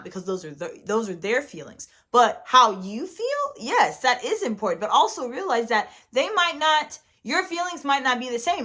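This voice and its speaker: A woman's voice: on the high side, pushed and bright. A woman co-hosting a faith-based podcast with her husband, talking in an earnest, encouraging way about relationships. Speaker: podcast co-host. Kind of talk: faith-based casual chat.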